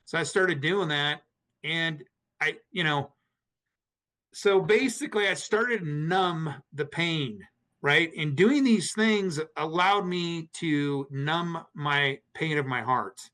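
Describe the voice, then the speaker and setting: A man's voice: a little high, slow pace, bright, forceful tone. Earnest man retelling a painful story. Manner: earnest, emotional retelling with many restarts and acted quotes. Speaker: podcast guest. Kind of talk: personal storytelling in an interview.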